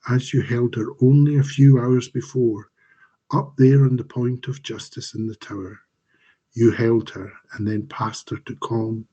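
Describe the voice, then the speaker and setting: This author reads his dark fantasy work over a home mic on a live stream, taking it slowly with measured drama. He has a husky, medium-pitched voice with fairly even intonation, and the audio is lo-fi.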